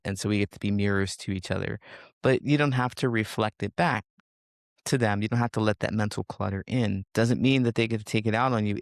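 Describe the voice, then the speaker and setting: A man, a coach, talking reflectively in a podcast interview and sometimes acting out inner thoughts in a higher voice. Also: gravelly, smooth, dry recording, studio quality. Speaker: social connections coach.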